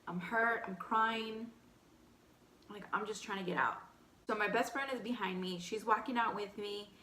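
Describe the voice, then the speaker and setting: A young woman with a light Texan accent casually telling a personal story between bites, animated and candid, full of "like". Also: medium pitch, moderate pace, reverberant, slight background noise. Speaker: vlogger. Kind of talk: storytime eating show chat.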